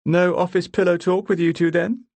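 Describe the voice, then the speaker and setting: Guy doing a smug mocking lawyer, pushy and loud, husky dry audiobook. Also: high voice, wildly swooping pitch, a little fast, dry recording, voice pushed up, exaggerated voice. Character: tall smug male barrister, posh and mocking.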